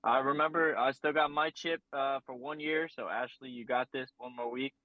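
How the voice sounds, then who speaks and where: A man's voice: mid-range voice, fairly even intonation, moderate pace, dry recording. A man sharing upbeat encouragement in an online recovery meeting, with many fillers. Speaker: meeting participant. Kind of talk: casual sharing. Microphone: video call. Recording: dull dry call audio.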